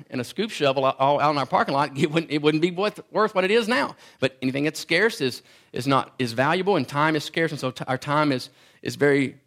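A man's voice: fairly high pitch, a bit bright. A man in his thirties giving a sermon as pastor, telling self-deprecating stories with stammered restarts.

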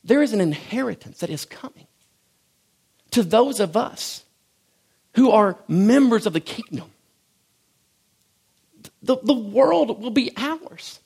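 Man, high voice, folksy sermon, stumbling restarts. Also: expressive, takes it slowly, creaky, pauses often, a little mellow, slightly rough. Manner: folksy, self-joking preaching with repeated restarts. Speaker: pastor.

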